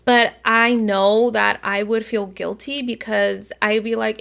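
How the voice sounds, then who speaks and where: A woman's voice: fairly high pitch, steady tone, unhurried, vocal fry, hardly any pauses, fairly bright tone. A woman co-hosting a podcast in casual chat, rambling with lots of "like" and casual swearing. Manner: rambling, heavy filler "like", swears freely. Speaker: podcast co-host.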